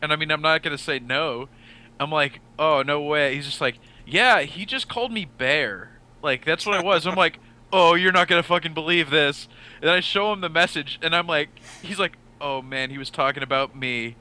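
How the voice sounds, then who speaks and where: A man's voice: on the high side, moderate pace, pushed and bright. A man hosting a casual podcast, telling a long anecdote and acting out the quoted lines. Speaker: podcast host.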